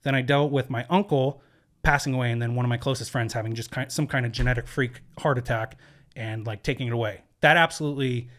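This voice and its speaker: A man's voice: mid-range voice, steady tone, fast talker, a bit bright. A man as a podcast guest in a studio, telling a personal story earnestly, with many fillers and restarts. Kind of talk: candid conversational storytelling.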